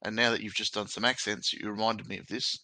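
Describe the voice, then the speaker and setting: A man's voice: fairly low pitch, steady tone, fast talker, sharp tone, no room sound, poor audio. A man from Australia with an Australian accent, hosting a casual podcast in a plain, easygoing way. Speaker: podcast host.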